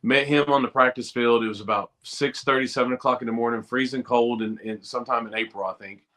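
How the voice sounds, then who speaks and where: Bright-voiced man telling stories. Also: medium pitch, quick pace. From Eastern Kentucky. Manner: animated storyteller, acts out quoted voices. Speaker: guest, former college football player. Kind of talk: storytelling in a podcast interview.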